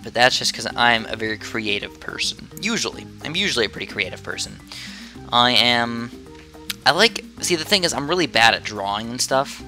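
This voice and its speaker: Chatty guy on a headset, bright voice, game music playing faintly under him, rambles a lot. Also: medium pitch, expressive, moderate pace. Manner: chatty, rambling, easily distracted. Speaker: gaming commentator. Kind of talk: casual gameplay commentary. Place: his own room.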